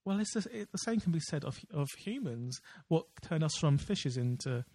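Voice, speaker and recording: A male podcast co-host with a slightly high voice chats casually, stumbling through fillers and restarts at normal speed. He sounds animated and mellow, recorded dry and close with no room sound.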